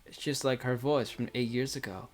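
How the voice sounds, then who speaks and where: A man's voice: medium pitch, steady tone, moderate pace, faint music behind. A man reading a visual novel aloud with casual, rambling commentary full of fillers.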